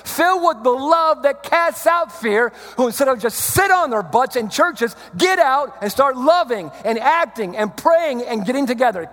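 A man preaching a sermon as pastor, moving from loud exhortation to a hushed prayer. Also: very high-pitched, long reverb tail.

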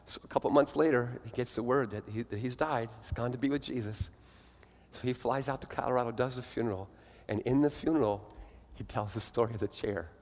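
A male pastor delivers a sermon in a mid-pitched voice, moving from earnest storytelling to urgent appeals to the congregation. His voice carries a long, hall-like reverb from the large sanctuary. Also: brisk, a little mellow. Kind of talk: sermon with storytelling and closing prayer.

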